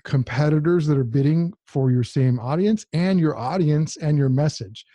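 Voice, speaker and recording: A man's voice: fairly high pitch, normal speed, warm tone, dry recording. A man co-hosting a podcast, talking in a direct, emphatic, casual way. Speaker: podcast co-host.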